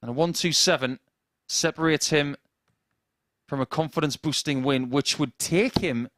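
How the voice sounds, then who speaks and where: A man's voice: on the high side, moderate pace, a bit bright, no room sound, studio quality. A man commentating on darts, chatty and joking with his co-commentator. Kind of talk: live sports commentary with banter.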